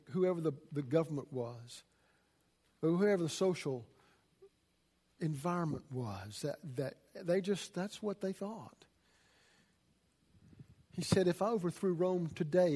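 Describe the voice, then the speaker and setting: A man preaching a sermon as a pastor, folksy and swinging from loud emphasis to hushed asides. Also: fairly high pitch.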